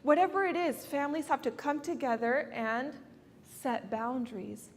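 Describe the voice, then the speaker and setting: A woman's voice: sits high, normal speed. A woman counselor giving an earnest, persuasive talk to a live audience, laughing often as she makes her points. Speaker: family counselor speaking at a conference. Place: event venue before an audience. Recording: long reverb in a large hall.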